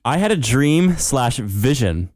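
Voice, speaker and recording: Young guy on a podcast, reads stuff out loud and keeps laughing, dry close mic. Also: mid-range voice, big pitch swings, takes it slowly, no room sound. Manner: laughs often, reads aloud playfully. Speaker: podcast co-host. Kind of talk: casual chat, reading a listener email.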